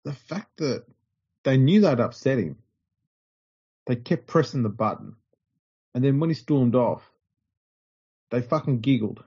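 A man's voice: mid-range voice, lively intonation, unhurried, long pauses, a little mellow, husky. A man co-hosting a podcast, ranting bluntly with plenty of swearing. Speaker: podcast co-host. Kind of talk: casual podcast chat. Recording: dull lo-fi podcast audio.

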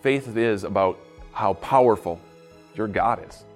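A man, a pastor, giving a casual devotional talk with animated storytelling and playful asides. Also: on the low side, measured pace, faint music behind.

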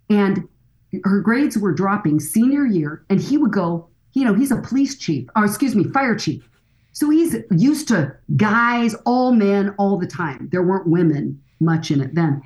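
A woman's voice: medium pitch, unhurried, low-quality recording. A woman guest on a podcast interview telling stories with energy and acting out the voices of the people in them. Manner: lively storytelling, acting out quoted voices. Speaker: guest expert on fathers and daughters.

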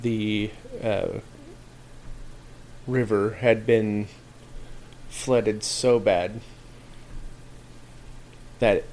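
A man co-hosting a podcast who talks slowly in casual chat and throws in dry wisecracks. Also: fairly low pitch, steady tone, darkish tone, a little hiss or hum. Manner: slow, drawn-out delivery with dry wisecracks. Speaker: podcast co-host.

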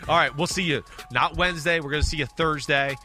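A man co-hosting a sports podcast in casual, animated chat, swearing freely. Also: fairly high pitch, quick pace, soft background music. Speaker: podcast co-host.

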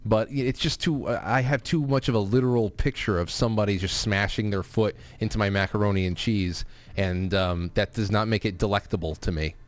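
A man's voice: lowish voice, a little fast. A man hosting a call-in show, rambling in casual chat with many restarts. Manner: rambling, chatty, with frequent restarts and fillers. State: grieving his stepfather.

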